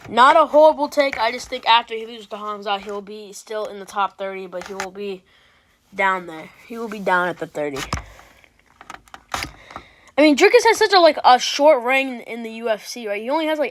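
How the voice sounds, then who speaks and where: A woman's voice: mid-range voice, a bit bright, a little hiss or hum. A woman hosting an MMA reaction video, talking in a loose, rambling way with restarts and casual swearing.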